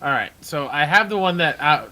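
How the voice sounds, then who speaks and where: A man's voice: a little high, animated, moderate pace, bright, forceful tone. A man co-hosting a gaming podcast, chatting in an easygoing way. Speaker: podcast co-host. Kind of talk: casual chat.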